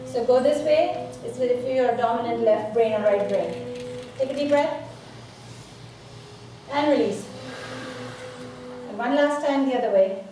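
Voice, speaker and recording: A woman's voice: on the high side, a little slow, pauses often, music in the background. Woman workshop presenter, coaxing and repetitive, recorded from a distance in an echoing hall. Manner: instructive, coaxing, repeats words. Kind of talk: live talk leading breathing exercises. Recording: echoey room from far off, noisy.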